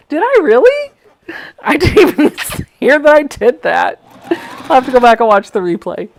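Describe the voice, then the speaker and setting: A woman's voice: sits high, very animated, moderate pace. A woman hosting a live sewing stream, chatting casually and telling stories while she sews. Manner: chatty, laughs often, tells anecdotes. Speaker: sewing livestream host.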